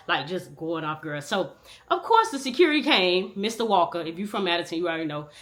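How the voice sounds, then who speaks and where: A woman in her thirties telling a true-life storytime in a casual, animated, profane way, talking straight to the viewer. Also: fairly low pitch, fast.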